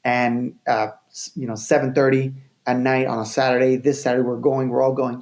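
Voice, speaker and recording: Male filmmaker guest, gravelly, mid-pitched, lively storyteller. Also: a little fast. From Venezuela. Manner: animated, repeats phrases, acts out quotes. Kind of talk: casual storytelling chat.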